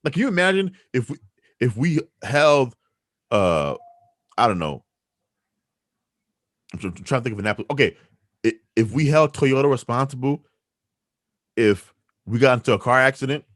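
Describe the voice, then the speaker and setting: A man hosting a podcast, arguing his opinions in an emphatic, animated way. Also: medium pitch, normal speed, pauses often, dry recording, clean studio sound. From New York City. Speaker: podcast host.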